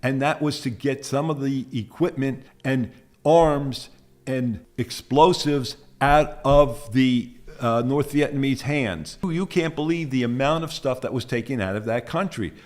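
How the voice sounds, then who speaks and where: A man's voice: medium pitch, unhurried. Older man telling war stories plainly. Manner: plainspoken, animated when recounting confrontations. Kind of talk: casual first-person storytelling.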